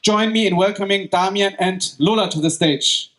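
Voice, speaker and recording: Casting: German-accented male event host, fairly high voice, friendly, self-joking, halting delivery. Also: noisy background. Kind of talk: live stage hosting. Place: event venue with live audience.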